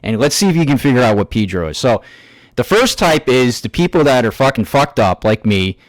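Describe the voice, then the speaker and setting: A man's voice: medium pitch, sing-song, dry recording. Angry, foul-mouthed man ranting, dry sound. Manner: angry, heavily profane ranting; halting, with restarts and fillers. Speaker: YouTube commentator. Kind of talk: ranting reaction commentary.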